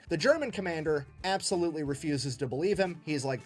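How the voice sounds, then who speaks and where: A man telling a war story as comedy, irreverent and full of swearing, slipping into quick put-on voices for the people in it. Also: on the high side, expressive, faint music behind. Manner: profane, irreverent, jokey retelling with quick put-on quote voices. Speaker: history storyteller. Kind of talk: comedic history narration.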